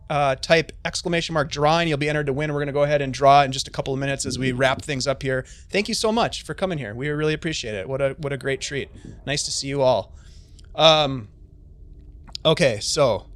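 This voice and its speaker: A man's voice: fairly high pitch, fairly bright tone. A man narrating a tabletop game on a live stream as game master, chatty and full of fillers.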